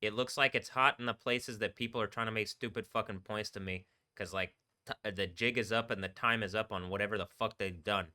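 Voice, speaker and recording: A man's voice: on the low side, steady tone, brisk, bright, forceful tone. A man rambling and swearing on a live stream, often breaking into laughter. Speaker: livestreaming DJ.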